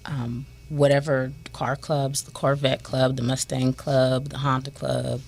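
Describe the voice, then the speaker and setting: A woman's voice: rumbling low, little pitch movement, a little slow, creaky, a little mellow, a little hiss or hum. A woman talking as a guest on a talk show, in a plain and matter-of-fact way. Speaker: guest, road captain. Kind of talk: casual chat.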